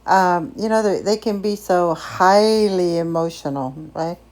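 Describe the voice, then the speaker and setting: A woman's voice: fairly low pitch, unhurried, darkish tone. An older woman casually telling a personal story, emotive and chatty with frequent restarts.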